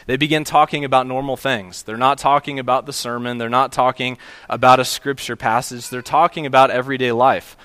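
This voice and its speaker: A man's voice: medium pitch, a bit bright, no echo. A male pastor preaching a sermon, telling a story in a conversational way with small restarts.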